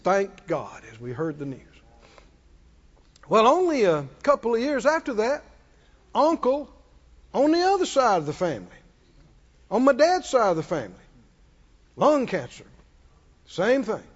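A man's voice: high-pitched, sing-song, a little slow, pauses often. An older man preaching a sermon, telling a story with passion and calling out to the congregation. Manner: impassioned storytelling preacher, call-and-response. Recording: echoey hall, dull muffled sound.

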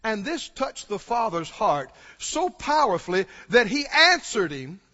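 A man's voice: sits high, big pitch swings, unhurried, sharp tone. A man preaching a sermon with passion, asking his listeners questions and rising to exclamations. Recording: dull lo-fi sound with long hall reverb.

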